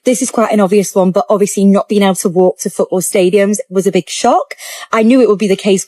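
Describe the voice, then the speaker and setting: A woman's voice: mid-range voice, a little mellow, no echo. A woman reporter from England with an English accent, chatting through a list to camera in a conversational way.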